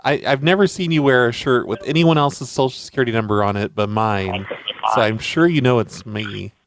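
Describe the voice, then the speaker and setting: A man hosting a show and making deadpan, mock-serious prank phone calls. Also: medium pitch, a little fast, a little hiss or hum. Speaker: prank caller and show host.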